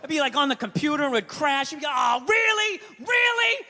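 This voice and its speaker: A man doing a stand-up routine, ranting and swearing, with loud outbursts. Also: very high-pitched, fairly even intonation, very fast, some chatter behind. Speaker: stand-up comedian. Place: stage in a large hall before a live audience. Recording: live hall with long reverb.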